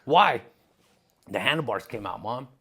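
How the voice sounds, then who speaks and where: A man's voice: medium pitch, animated, unhurried, a bit bright, breathy edge. A man co-hosting a comedy podcast, telling crude stories with lots of swearing and laughter. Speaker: podcast co-host.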